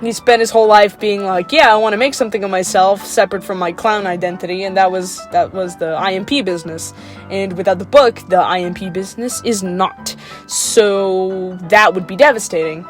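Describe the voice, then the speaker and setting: Young adult woman, mid-pitch, off-the-cuff vlog rant; rambly, exasperated, trips over her own words; faint music underneath. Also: brisk. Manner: rambling, full of fillers and restarts; exasperated, laughs at herself. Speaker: video creator. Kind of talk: unscripted rant about a cartoon episode.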